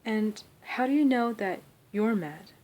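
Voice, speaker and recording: A woman voicing a polite, curious young girl named Alice, speaking high and eager. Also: lively intonation, a little slow, a little mellow. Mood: indignant.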